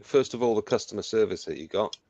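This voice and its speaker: A man's voice: fairly low pitch, expressive, quick pace. A man hosting a casual live chat, blunt and joking. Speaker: host. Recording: lo-fi stream audio with faint noise.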